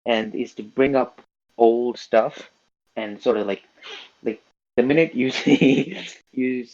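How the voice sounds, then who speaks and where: A man's voice: medium pitch, takes it slowly, darkish tone. Hesitant man on a muffled mic. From not from the US. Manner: hesitant, many fillers and restarts. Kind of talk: casual podcast chat. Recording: dull, lo-fi sound.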